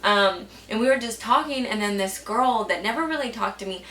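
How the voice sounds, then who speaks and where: A woman's voice: medium pitch, fairly quick, sharp tone, distant mic. Chatty young woman telling school stories. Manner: chatty, swears a lot, says "like" often. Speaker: vlogger. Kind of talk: casual storytelling to camera. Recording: echoey room, a bit off-mic.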